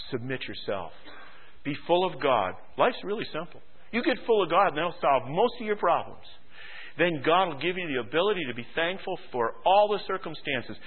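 A man preaching a sermon as pastor, acting out quoted voices and swinging between shouts and hushed tones. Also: mid-range voice, husky. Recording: phone-like radio broadcast.

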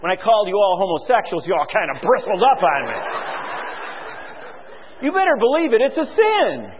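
A man preaching a sermon as pastor, his voice pitched high and fervent as he fires questions at the congregation and reads scripture aloud. The sound is thin and phone-like, trailing off into a long hall echo. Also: big pitch swings, normal speed, a little hiss or hum.

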